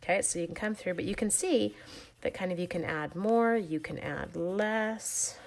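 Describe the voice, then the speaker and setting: A woman's voice: on the low side, normal speed, vocal fry. Chatty woman demonstrating a craft live. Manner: chatty, greeting viewers while working. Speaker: stamping demonstrator. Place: home craft room.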